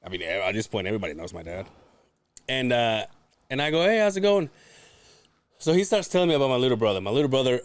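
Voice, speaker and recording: A man's voice: mid-range voice, no room sound. A man telling profane family stories in a casual podcast chat, acting out the people he quotes. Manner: profane storytelling, acts out quotes. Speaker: podcast guest.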